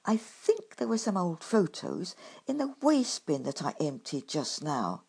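Woman doing a brisk badger. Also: on the low side, wildly swooping pitch, gravelly, a little mellow, breathy edge, exaggerated voice. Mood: puzzled. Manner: brisk and offhand, puzzled by questions. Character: hasty, matter-of-fact male badger, tidy-minded. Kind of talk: storybook reading.

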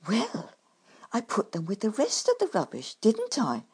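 Lady putting on a fussy little badger guy, breathy and bouncy, offhand and quick to dash. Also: mid-range voice, wildly swooping pitch, darkish tone, voice pushed up, heavily acted. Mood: puzzled. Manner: brisk and offhand, puzzled by questions. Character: hasty, matter-of-fact male badger, tidy-minded. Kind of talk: storybook reading.

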